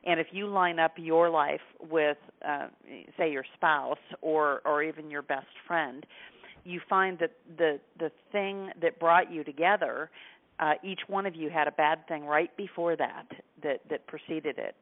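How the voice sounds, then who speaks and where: A man's voice: fairly high pitch, unhurried. A man hosting an interview, talking in a hesitant, conversational way with frequent restarts. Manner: hesitant, many fillers and restarts. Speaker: interview host. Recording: tinny phone line.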